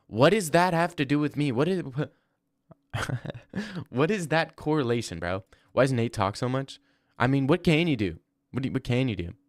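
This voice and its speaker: A man's voice: medium pitch, no echo, studio quality. A young man talking casually on a livestream while gaming, rambling, swearing and reacting to chat. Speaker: streamer.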